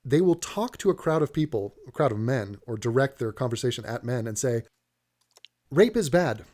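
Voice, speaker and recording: Man, mid-pitched voice, sarcastic, exasperated, swearing comedic rant. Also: fairly quick, a little mellow. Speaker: comedian reacting to an ad.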